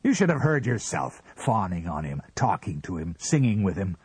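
A man's voice: low-pitched, animated, normal speed, darkish tone, breathy edge, dry recording, full character voice. A man reading the part of a jealous, tense husband, speaking sharply and demanding answers. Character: jealous, tense husband, rigid and bad-tempered.

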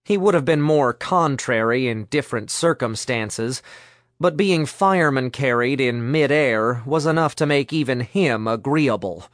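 This is scripted narration from a man working as an audiobook narrator, his pitch medium and his storytelling delivery calm and even. It's a clean studio recording without any room sound.

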